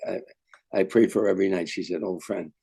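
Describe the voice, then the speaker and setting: Older man telling animated comedy stories. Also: sits low, fast, gravelly, husky. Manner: animated storyteller, acts out quotes. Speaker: guest comedian. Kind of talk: storytelling interview.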